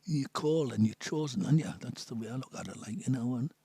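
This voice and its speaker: A man's voice: medium pitch, expressive, fast, dark tone, slightly rough, no room sound. A man in his seventies with a North East English accent, a missionary priest telling stories in a chatty way, laughing often and dropping to a near whisper on serious points. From Sunderland, England. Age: 70s. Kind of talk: casual storytelling chat.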